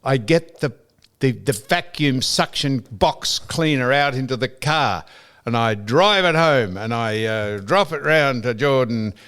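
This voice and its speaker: An older Australian man in relaxed podcast chat, telling a long story with plenty of colour. He mimics the people he talks about and drops the odd swear word. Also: medium pitch, a little slow. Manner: animated anecdote-telling, mimicking others, laughing, swearing. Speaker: podcast co-host.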